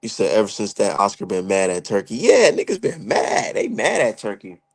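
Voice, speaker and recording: A man's voice: on the low side, huge pitch swings, normal speed, slightly rough. A young man giving heated, profane, slangy commentary as a streamer. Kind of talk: ranting casual commentary.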